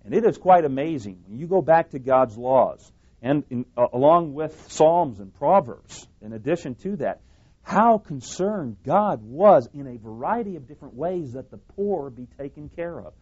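A man's voice: a little high, lively intonation, normal speed, darkish tone, husky. A man preaching a sermon, speaking emphatically, repeating phrases and correcting himself as he goes. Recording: dull lo-fi recording.

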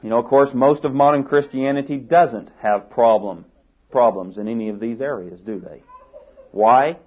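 A man's voice: mid-range voice, normal speed. A man preaching a sermon, asking rhetorical questions and building to emphatic peaks. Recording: tinny phone-like sermon recording.

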